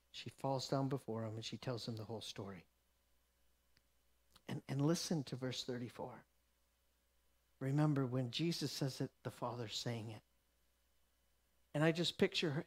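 A man preaching a sermon in a conversational, emphatic way that sinks to a hush at times. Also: mid-range voice, normal speed, pauses often.

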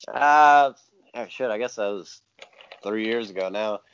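A man hosting a casual chat, laid-back and quick to laugh. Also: lowish voice, a bit bright, lo-fi sound, slight background noise. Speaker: podcast host and jiu-jitsu video maker.

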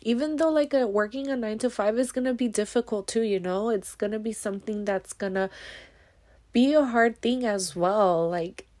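A woman's voice: on the high side, moderate pace, darkish tone. A young adult woman hosting her own podcast, talking candidly and emotionally about hard times, with many fillers and some swearing. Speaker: podcast host. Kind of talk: personal monologue.

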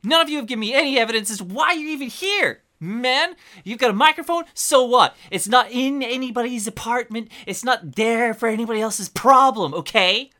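A game master voicing an agitated young male artist who shouts and threatens to call the police during a tabletop game. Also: lively intonation, fairly quick, hardly any pauses. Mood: furious. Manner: shrill, defensive, threatening to scream. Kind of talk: tabletop role-play character voice.

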